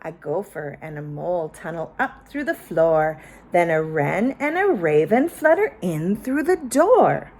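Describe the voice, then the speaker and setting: A woman teacher reading a picture book aloud to children, expressive and inviting them to join in. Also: lowish voice.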